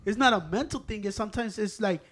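Man, very high voice, rapid, blunt, profane. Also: a bit bright, slight background noise. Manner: blunt, profane, says güey constantly. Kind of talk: casual chat, mixing Spanish and English.

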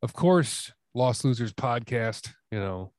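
A man's voice: mid-range voice, lively intonation, slow, darkish tone, dry recording, studio quality. A man as a podcast guest, laid-back and swearing freely in casual chat.

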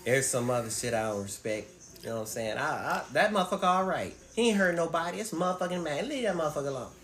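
A man telling stories in casual chat, profane and animated, acting out what people said. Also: fairly high pitch, fast, roomy sound. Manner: profane, animated storyteller who acts out quotes.

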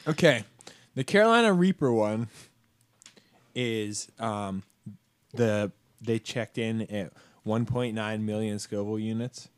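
A young man hosting a casual chat, blunt and swearing, his sentences trailing off quietly. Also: fairly low pitch, takes it slowly, pauses often, dry recording.

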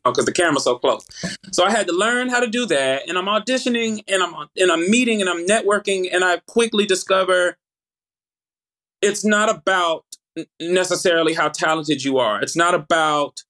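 A man in his thirties with a Southern US accent, chatting as an interview guest, lively, with halting restarts and easy laughter. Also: high-pitched. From United States. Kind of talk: casual interview chat.

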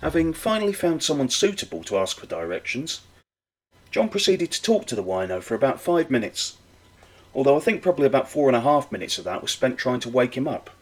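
A male storyteller recounting a comic anecdote. His pitch swings widely as he builds up the jokes. The delivery is wry and playful. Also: very animated, fairly quick, rough recording.

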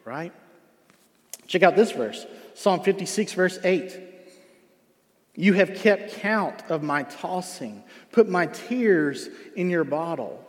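A middle-aged man preaching a sermon in a church, earnest, moving from loud emphasis to hushed softness. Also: sits high. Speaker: pastor. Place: church sanctuary. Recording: long hall reverb.

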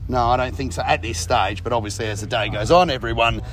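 A man's voice: mid-range voice, fast talker, fairly bright tone. A man, a vlogger and amateur racing driver, chatting casually and teasing a fellow driver with joking banter at an outdoor motorsport event. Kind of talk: casual chat and teasing interview. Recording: noisy outdoor recording.

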